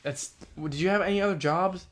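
Young guy, slightly high voice, animated storyteller who rants in loud bursts during casual chat. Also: quick pace.

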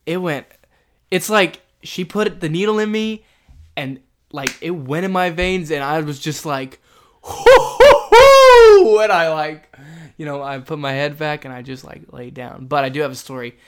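A young man telling a story in casual chat, rambling and halting with many fillers and restarts. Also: fairly high pitch, a bit bright, smooth.

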